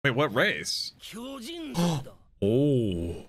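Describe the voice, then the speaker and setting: A man reacting to an anime episode as he watches, excitable and thinking aloud in slangy chat. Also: on the high side, moderate pace.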